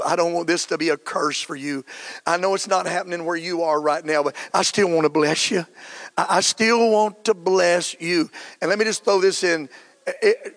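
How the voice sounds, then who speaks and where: A middle-aged male pastor preaches with fervent energy, acting out quoted lines along the way. His voice sits slightly high for a man and swells into shouted emphasis.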